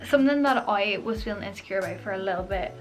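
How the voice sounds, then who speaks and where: A woman's voice: medium pitch, steady tone, fast talker, soft background music. A young woman, heavily pregnant and a little breathless, chatting casually and emphatically to camera as a vlogger.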